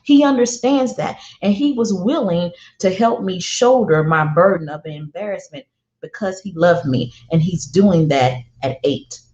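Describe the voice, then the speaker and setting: A middle-aged woman telling a personal parenting story, emphatic and deliberate, often repeating herself for weight. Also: lowish voice, lively intonation, a little mellow. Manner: emphatic, slow and deliberate with heartfelt repetition. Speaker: parenting speaker. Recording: roomy, dull lo-fi sound.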